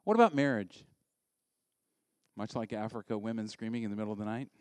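Animated preaching man, dry close sound. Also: mid-range voice, dry recording. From United States. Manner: animated, conversational preaching with acted-out voices. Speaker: pastor. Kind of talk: sermon.

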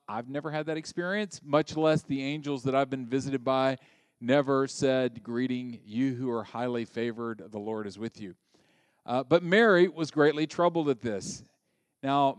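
Male preacher, casual and joking, punchy emphasis, slightly high pitch, dry recording. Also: no room sound. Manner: conversational and joking, with sudden loud emphatic bursts. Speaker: pastor. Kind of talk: sermon.

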